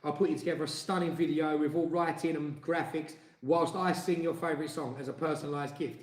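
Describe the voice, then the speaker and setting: A man's voice: on the high side, fairly even intonation, fairly quick. Jokey East London man, echoey room. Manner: jokey, banters and teases. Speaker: co-host. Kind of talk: casual live-stream chat.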